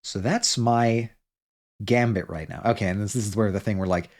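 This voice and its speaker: A man's voice: on the low side, moderate pace. Rambling male streamer. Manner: rambling, self-interrupting, many restarts and fillers. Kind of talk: casual livestream chat.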